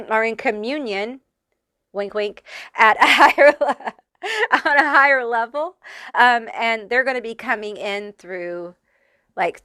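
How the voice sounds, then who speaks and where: A woman's voice: medium pitch, a bit bright, no room sound. Sassy woman tarot reader, dry sound. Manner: sassy and salty, calls viewers honey, laughs often. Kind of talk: casual pick-a-card tarot reading.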